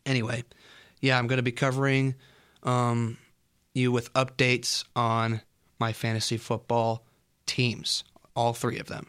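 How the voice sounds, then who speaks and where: A man's voice: medium pitch, monotone, unhurried, pauses often, a bit bright, smooth. A young man hosting a college radio show, chatting casually and rambling between jokes and asides. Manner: rambling, joking, easily distracted. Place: radio studio.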